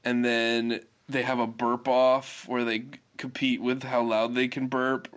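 A man chatting casually about a cartoon episode, rambling with lots of fillers and acting out quick quotes. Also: mid-range voice, clean tone. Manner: rambling, many fillers, animated acted quotes.

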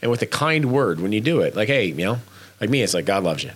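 Animated fast-talking man giving a pep talk. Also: on the low side, slightly rough. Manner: animated and emphatic, with frequent restarts; blunt, swears casually. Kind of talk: casual motivational chat.

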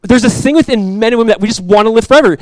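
A man in his thirties, a pastor giving a sermon in a relaxed, conversational way, telling stories with asides. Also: very high-pitched, rapid-fire, no room sound, poor audio. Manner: conversational, animated storytelling with asides.

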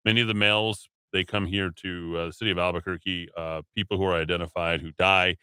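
Brief: low-voiced male radio host, bright and forceful tone, rambling delivery full of fillers. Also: little pitch movement, fast, clean tone, no room sound, clean studio sound. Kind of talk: casual talk radio chat. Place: radio studio.

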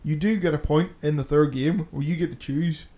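A man's voice: on the high side, steady tone, normal speed, dark tone. A man hosting a casual podcast chat, swearing freely and rambling with restarts. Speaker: podcast host.

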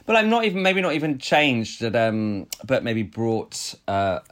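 A man's voice: medium pitch, very animated, measured pace. A man co-hosting a podcast, chatting casually, laughing often and restarting his sentences. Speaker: podcast co-host. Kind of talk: casual chat.

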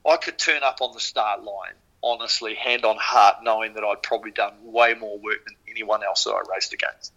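Bright-voiced New Zealand man telling stories. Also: fairly low pitch, normal speed, hardly any pauses, lo-fi sound. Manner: animated, swears freely, many fillers. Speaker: podcast guest, former rower. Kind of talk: casual storytelling.

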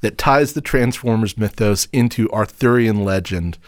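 A man's voice: fairly low pitch, moderate pace, dry recording. Dry, wry male podcast co-host. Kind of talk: casual chat.

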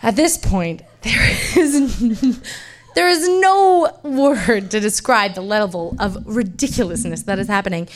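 A woman tells a true story from her own life with wry, self-mocking humor. Her mid-range voice swings between loud bursts and quiet, hushed stretches. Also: mid-range voice, animated, measured pace. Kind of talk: first-person personal storytelling.

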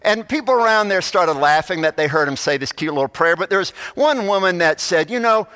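A man's voice: high-pitched, animated, brisk, pushed and bright. A male pastor giving a sermon, telling stories and acting out the people in them. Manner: storytelling, voices quoted characters. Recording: long church reverb.

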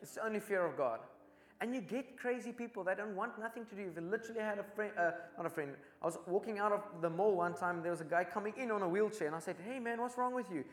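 Animated South African man, evangelist storytelling, slightly high voice, roomy echo. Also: fast. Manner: animated, earnest, laughs while telling stories. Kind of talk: casual storytelling testimony. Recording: echoey room.

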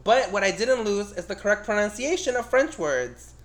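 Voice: mid-range voice, expressive, moderate pace. A podcast co-host in a casual chat, telling stories in a chatty way and mimicking other people. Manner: chatty storyteller, laughs easily, mimics people.

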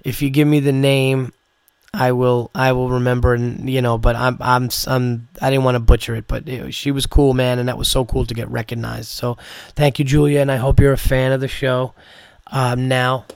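A man hosting his podcast, sounding hoarse and a little sick, telling stories and ranting in a loose, profane way that climbs in pitch when he gets worked up. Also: little pitch movement, normal speed, a little mellow, dry recording. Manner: profane, storytelling, rants with rising pitch. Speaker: comedian podcast host. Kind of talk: casual chat.

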